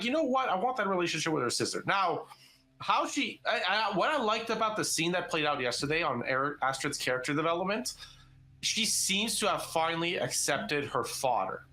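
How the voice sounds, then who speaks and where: A man's voice: high-pitched, sharp tone. A young man co-hosting a live stream, chatting casually and rambling with many fillers and restarts. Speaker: co-host of a live interactive show.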